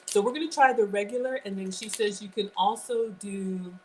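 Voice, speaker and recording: A woman's voice: mid-range voice, normal speed, darkish tone, a little hiss or hum, rough recording. Chatty self-deprecating woman in her forties. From Ghana. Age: 40s. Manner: chatty and self-deprecating, greets viewers and reads their comments. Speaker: host of a live cooking stream. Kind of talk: casual livestream cooking chat. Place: home kitchen.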